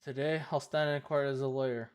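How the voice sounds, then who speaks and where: A woman streamer voicing the lawyer in a game, expressive and swearing freely. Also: very deep voice, a little fast, smooth. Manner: expressive, swearing, laughs at herself. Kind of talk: live-stream game dub reading.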